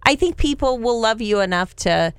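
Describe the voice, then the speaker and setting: A woman co-hosting a podcast, talking in an expressive, playful way. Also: a little high, normal speed, clean tone, dry recording, studio quality. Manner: expressive, animated, playful teasing. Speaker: podcast co-host. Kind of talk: casual chat.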